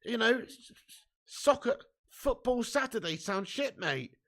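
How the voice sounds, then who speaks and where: A man hosting a live football watch-along, excitably commentating and reading out viewer comments with casual swearing. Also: very high voice, measured pace, creaky.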